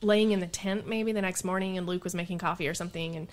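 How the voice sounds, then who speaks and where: A woman guest on a podcast, chatting casually and telling lively stories, often laughing and acting out what people said. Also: lowish voice, quick pace. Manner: animated, laughs often, quotes herself and others in stories. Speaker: podcast guest and radio show host. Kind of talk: casual storytelling chat.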